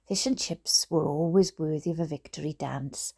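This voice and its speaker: A woman's voice: low-pitched, moderate pace, gravelly, warm tone, slightly rough. A Welsh woman reading a book aloud, breaking off into giggly, chatty asides. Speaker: reader.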